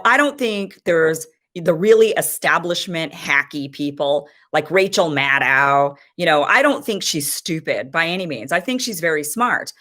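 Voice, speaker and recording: A woman's voice: on the low side, a bit bright. A woman in her thirties giving impassioned, frustrated political commentary as host of her own show.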